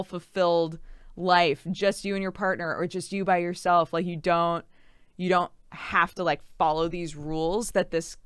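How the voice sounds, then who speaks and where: A woman's voice: fairly low pitch, smooth, dry recording, studio quality. A woman streamer chatting casually with her viewers, laughing often, swearing freely and thanking subscribers. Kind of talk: casual live-stream chat, reading sub thank-yous.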